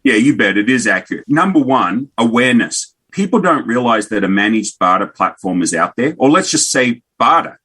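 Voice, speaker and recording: A man's voice: mid-range voice, moderate pace, hardly any pauses, slightly rough. A man in his fifties with an Australian accent, a business owner telling stories and jokes in a casual interview. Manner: jokey, animated storyteller. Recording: remote call.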